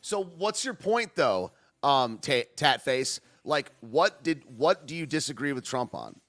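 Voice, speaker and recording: A man hosting a podcast, chatting in an excitable, rambling way, dropping 'dude' and 'man' and laughing often. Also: medium pitch, measured pace. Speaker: podcast host. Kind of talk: casual live-stream commentary.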